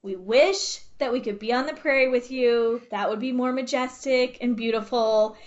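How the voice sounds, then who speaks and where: A woman hosting a podcast, excitable and giggly, jumping between loud bursts and softer talk. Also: fairly high pitch, moderate pace, highs cut off. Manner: excitable, giggly, jumps loud then soft. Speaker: podcast host. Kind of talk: bubbly podcast intro. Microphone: home microphone.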